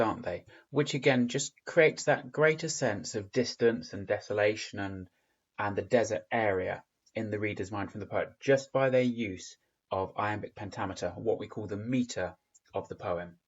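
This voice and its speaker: A man from England, working as a teacher, gives a recorded remote lesson in a calm, instructive way with frequent fillers. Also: fairly low pitch, lo-fi sound.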